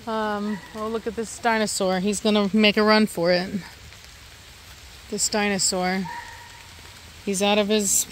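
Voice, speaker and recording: A woman's voice: medium pitch, little pitch movement, a little slow, long pauses, a little hiss or hum. A woman vlogging casually outdoors in her yard, rambling and chatty as she does chores with her dogs. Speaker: dog owner vlogger. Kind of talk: casual narration while doing farm chores. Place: outdoors in a yard with a garden and livestock.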